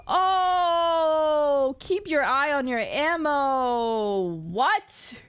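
A woman's voice: high-pitched, big pitch swings, measured pace, a bit bright. A woman streamer giving live gaming commentary, jumpy, yelping and repeating herself when scared.

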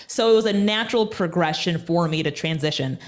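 A woman being interviewed over a call as a TV personality and speaker, talking in an energetic, emphatic motivational way and repeating points for effect. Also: on the low side, fairly quick.

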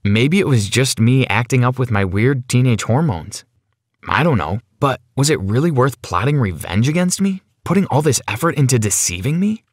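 A man narrates his own story for an animated video, leaning into the drama with an anxious edge. His voice sits in a middle range and moves up and down a lot as he tells it. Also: mid-range voice, moderate pace, no room sound, clean studio sound. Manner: dramatic, anxious first-person telling.

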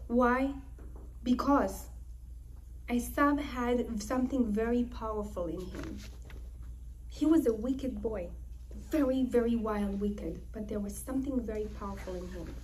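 A woman giving a religious lecture, telling the story in an animated way and acting out the quotes. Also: on the high side, takes it slowly, far from the mic, slight background noise, low-quality recording. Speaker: Torah teacher.

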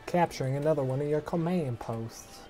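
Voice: medium pitch, a little fast, dark tone, soft background music. A co-host playing against a friend in a casual let's-play, teasing and giggly. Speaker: gaming co-host.

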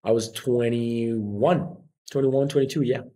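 Speaking at a measured pace in a medium-pitched voice, a podcast guest tells casual stories. He's animated throughout, voicing the people he quotes.

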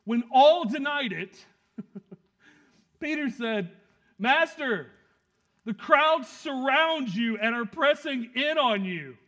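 A man preaching a sermon, swinging between loud emphasis and quiet asides and acting out quick quotes. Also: very high voice, animated. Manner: plays out the scene with quick acted quotes. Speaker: pastor.

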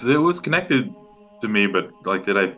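Low-voiced, laid-back male player. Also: very animated, normal speed, bright, forceful tone, highs cut off, faint music behind. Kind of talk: casual tabletop chat.

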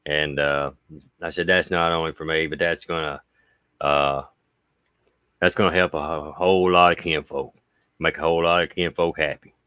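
Appalachian man, low pitch, bright forceful tone, folksy host reading mail, close dry mic. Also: little pitch movement, no room sound. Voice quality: smooth voice. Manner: folksy, warm-hearted, drawn-out thanks. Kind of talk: casual livestream chat.

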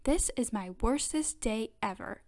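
A woman's voice: a little high, lively intonation, measured pace, darkish tone. A woman voicing a grumpy young boy turtle in a storybook read-aloud, with a sulky, pouting manner.

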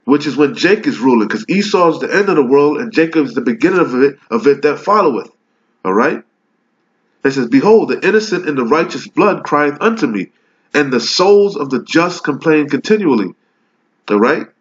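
A man with a fairly high voice preaches in a heated, cursing rant, stopping after each point to demand "okay?" The recording is muffled and lo-fi. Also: sing-song, brisk. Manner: rants, swears, punctuates every point with "okay?". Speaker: street preacher. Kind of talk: fiery profane sermon.

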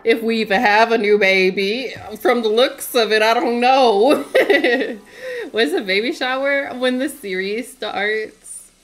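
A woman's voice: a little high, lively intonation, slow pace, soft background music. A woman streaming a game in casual, chatty commentary, laughing often and talking to her chat.

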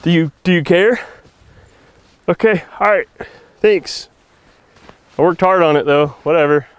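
A man's voice: a little high, unhurried, clean tone, no room sound. A man casually chatting to the camera in a van vlog in a playful, joking manner. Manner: playful, talks to his dog, sings goofily. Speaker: vlogger. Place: camper van in winter.

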